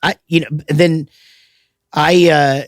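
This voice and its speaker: A man's voice: on the high side, fairly even intonation, slow pace, dry recording, studio quality. Rambling man in casual chat. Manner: rambling, many restarts, swears freely. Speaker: podcast host.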